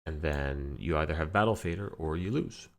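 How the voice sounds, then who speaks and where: A man casually commenting on his card game while telling a relaxed story, walking through each play step by step. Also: very deep voice, moderate pace. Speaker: card game player and channel host. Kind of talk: casual commentary over gameplay.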